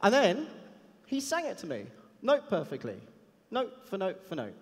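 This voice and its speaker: A man's voice: sits high, huge pitch swings, normal speed. A man giving a chatty, self-deprecating anecdotal talk on a conference stage. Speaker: conference speaker. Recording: long hall reverb.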